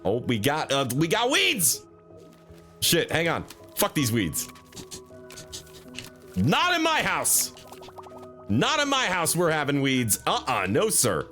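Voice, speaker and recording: A man's voice: fairly high pitch, huge pitch swings, slow pace, long pauses, sharp tone, soft background music. A young adult man streaming a game, ranting in casual, profane commentary.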